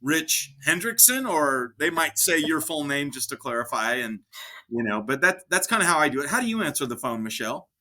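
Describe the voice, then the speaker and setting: A man co-hosting a casual podcast for realtors, chatty and relaxed, acting out how he answers the phone. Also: mid-range voice, brisk.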